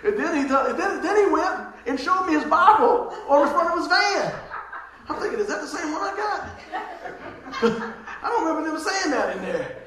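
High-voiced pastor man in echoey church. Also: moderate pace, crowd noise. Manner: animated storytelling, laughing often, repeats words. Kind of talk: casual sermon.

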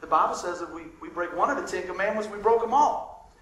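A male pastor telling a lively story in a sermon, acting out the dialogue and laughing often. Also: high voice, fast talker, echoey room, low-quality recording.

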